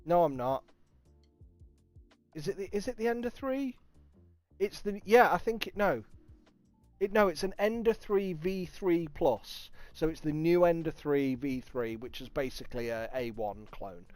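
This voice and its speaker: A man with a Nottingham accent hosting a casual livestream, chatting, swearing freely and thanking viewers with bursts of excitement. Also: a little high, a little slow, no echo, faint music behind. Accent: Nottingham English. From England. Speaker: livestream host. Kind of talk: casual livestream chat reading viewer comments.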